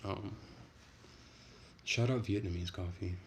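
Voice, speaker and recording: A young man on a casual late-night livestream, reading chat and rambling in a relaxed, soft-spoken way. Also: low voice, takes it slowly, slight background noise.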